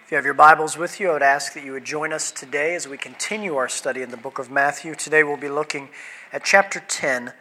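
A man's voice: on the high side, quick pace, sharp tone, low-quality recording. A man in his thirties preaching a sermon in a church, chatting playfully with the congregation. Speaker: pastor. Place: church sanctuary.

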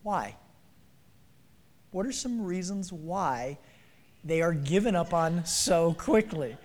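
High-voiced playful pastor in a hall. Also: male voice, animated, takes it slowly. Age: 40s. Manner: playful, calls on the congregation by name. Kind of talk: interactive sermon. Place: church sanctuary. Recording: reverberant hall.

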